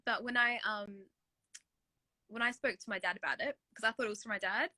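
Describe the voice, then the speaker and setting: Young woman co-host from Australia, bright voice, rambling casual delivery, dry close sound. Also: on the high side, a little fast, no echo, poor audio. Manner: rambling, many fillers and restarts. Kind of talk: casual chat.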